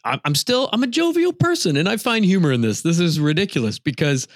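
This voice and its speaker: Middle-aged guy ranting a story on a podcast, fairly high voice, swings all over, dry close sound. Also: brisk, dry recording. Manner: animated, laughing storyteller. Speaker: podcast co-host. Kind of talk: casual storytelling chat.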